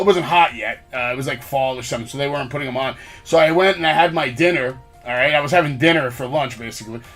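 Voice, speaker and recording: A man who hosts a podcast, telling stories in an animated, profane way and acting out the quotes. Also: fairly high pitch, gravelly. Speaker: podcast host. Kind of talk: casual chat, storytelling.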